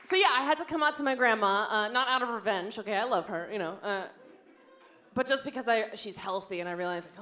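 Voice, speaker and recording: A woman's voice: mid-range voice, fast, pushed and bright. A young woman doing a brash, bawdy stand-up comedy set on a club stage, acting out quotes in her stories. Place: large comedy club stage with a live audience. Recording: live club recording with audience noise.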